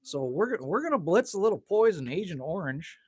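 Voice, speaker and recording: A relaxed Manitoba man hosts an evening livestream outside his cabin, reading and answering viewer comments. His husky, somewhat dark voice swings widely in pitch with a sing-song lilt at a brisk pace, while he teases himself, swears lightly and says "man" a lot. The audio is dry and close, with little room echo.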